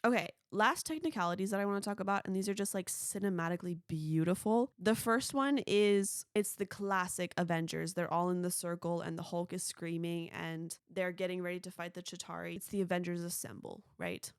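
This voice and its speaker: A woman's voice: lowish voice, brisk, few pauses, clear, resonant tone, no echo, studio quality. A young woman hosting her own movie podcast, rambling casually and peppering her talk with "like.". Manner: chatty, rambling, frequent "like". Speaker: podcast host.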